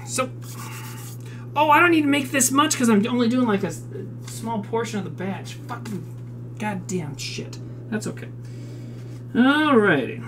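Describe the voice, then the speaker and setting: A woman's voice: on the high side, expressive, unhurried, long pauses, a little hiss or hum. A woman from South Dakota cooking live on a stream, reading recipe steps aloud, swearing freely and answering chat in a home kitchen.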